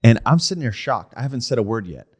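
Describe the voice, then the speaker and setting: A young man casually telling a ghost story on a podcast, animated, often asking "right?" and acting out what people said. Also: mid-range voice, fast, breathy edge. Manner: animated storyteller, acts out quoted voices, frequent "like" and "right?". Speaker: podcast co-host.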